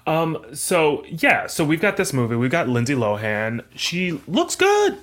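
A woman in her thirties co-hosting a podcast, chatting casually and acting out quotes in an animated way. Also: moderate pace. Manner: animated storyteller, acts out quotes in high voices. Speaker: podcast co-host. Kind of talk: casual chat.

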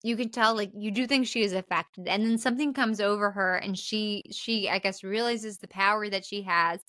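A woman's voice: medium pitch, steady tone, normal speed, fairly bright tone, dry recording. Young woman podcast co-host, casual recap talk, dry close mic. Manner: chatty, frequent "like" fillers, profane.

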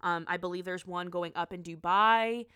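A woman's voice: fairly low pitch, steady tone, moderate pace, a bit bright, smooth, no echo, clean studio sound. A woman in casual chat, rambling about pop culture with frequent restarts and asides.

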